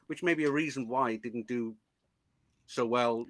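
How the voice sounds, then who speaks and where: Liverpool guy on a podcast, mid pitch, dry close sound, chatty, lots of restarts. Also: moderate pace, fairly bright tone, dry recording. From England. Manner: chatty, explains with examples, many restarts. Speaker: podcast guest. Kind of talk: casual chat.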